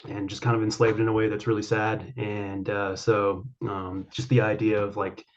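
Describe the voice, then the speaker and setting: A man's voice: fairly low pitch, little pitch movement, moderate pace, dull audio. A man being interviewed as an author guest, answering at length with many fillers and restarts. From Colorado.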